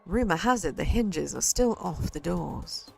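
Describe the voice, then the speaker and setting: A woman VTuber giving excitable, playful game commentary from her home gaming corner, swearing freely. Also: fairly low pitch, unhurried, gravelly, breathy edge, soft background music. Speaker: VTuber streamer.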